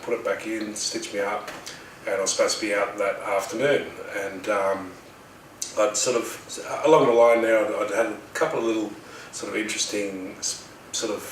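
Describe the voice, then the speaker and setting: A man telling a personal story in a casual, animated way, acting out his own past shouting. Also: on the low side, slight background noise. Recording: roomy sound, mic at a distance.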